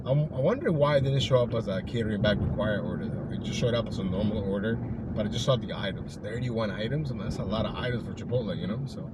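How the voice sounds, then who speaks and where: A man's voice: lowish voice, quick pace. A man talking casually to his viewers from a car while driving for deliveries, upbeat and rambling, with lots of fillers. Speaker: delivery driver vlogger. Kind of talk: casual vlog narration. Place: inside a car. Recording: clear car and road noise behind. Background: car and road noise.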